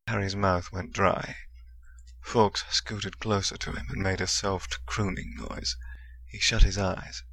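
A man narrating a fantasy audiobook in a steady storytelling manner. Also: low voice, takes it slowly. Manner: steady storytelling with soft character voices. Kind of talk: scripted narration.

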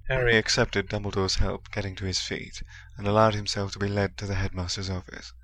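A man narrating a fantasy audiobook in a steady storytelling manner. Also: fairly low pitch, a little fast. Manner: steady storytelling with soft character voices. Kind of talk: scripted narration.

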